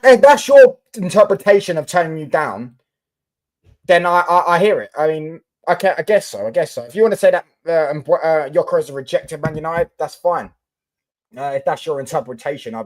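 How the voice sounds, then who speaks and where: Chatty man with a higher voice. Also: animated, normal speed. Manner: chatty, reads and answers viewer comments, many fillers and restarts. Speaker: football live streamer. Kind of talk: casual live-stream chat.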